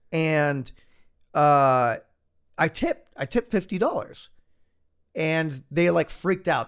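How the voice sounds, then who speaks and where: A man in his thirties, a podcast guest, telling a long story in a casual, animated way with lots of fillers. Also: on the high side. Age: 30s. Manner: animated anecdote, fillers and acted-out quotes.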